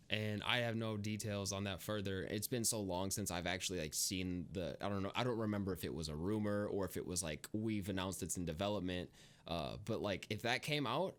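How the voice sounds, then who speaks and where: A young man co-hosting a casual podcast, rambling with lots of fillers and frequent laughter. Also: lowish voice. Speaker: podcast co-host. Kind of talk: casual chat.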